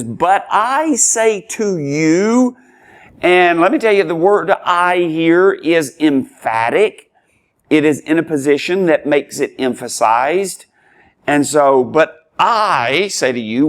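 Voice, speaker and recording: A man teaching a Bible study as a preacher, emphatic, speaking in short repeated phrases and lifting his voice as he reads scripture aloud. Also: on the high side. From Tennessee, US. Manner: emphatic, rises and falls sharply when reading scripture aloud. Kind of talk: sermon-style Bible teaching.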